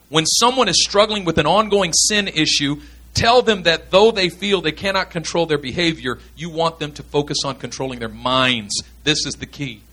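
Guy preaching a sermon, bright voice, a bit high, earnest and emphatic. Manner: earnest, emphatic, repeats key points. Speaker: pastor teaching pastors. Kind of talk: sermon teaching.

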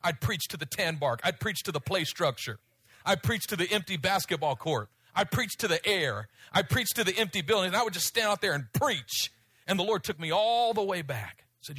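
High bright-voiced guy preaching, storytelling, goes loud then hushed. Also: slightly rough, dry recording. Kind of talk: sermon.

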